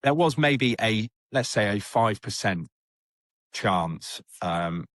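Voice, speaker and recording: Low-voiced young man. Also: lively intonation, slow pace, a bit bright, no echo, clean studio sound. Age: young adult. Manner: candid, plain-spoken, full of fillers. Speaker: rehab client guest. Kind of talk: casual storytelling.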